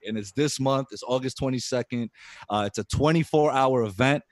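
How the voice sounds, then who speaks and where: Excitable male co-host, casual chat, dry close sound. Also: mid-range voice, moderate pace, no room sound. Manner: excitable, swearing, acts out quotes. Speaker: podcast co-host. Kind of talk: casual group podcast chat.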